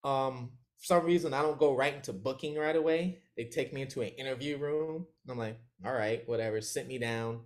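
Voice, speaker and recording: A man's voice: medium pitch, a little fast, few pauses. A man as an interview guest, telling a story in casual chat. He talks with animation, laughs often and acts out other people's lines.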